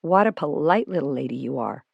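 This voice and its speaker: A woman's voice: low-pitched, animated, fairly quick, vocal fry, breathy edge, no room sound, lo-fi sound, exaggerated voice. A woman voicing a friendly, wealthy Irish man who is down to earth and teasing, with an Irish accent. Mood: genial. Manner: warm, teasing, homely.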